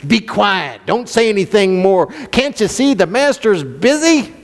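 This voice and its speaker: A man voicing impatient male disciples who curtly hush others away. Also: high voice, very animated, takes it slowly, exaggerated voice. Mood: dismissive. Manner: curt, dismissive. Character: gruff impatient male disciples hushing people. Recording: long reverb in a church hall.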